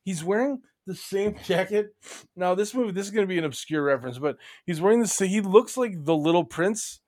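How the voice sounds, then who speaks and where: A man chatting casually about a film, quick, sarcastic and profane. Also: sits high, lively intonation, a little mellow. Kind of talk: casual movie review chat.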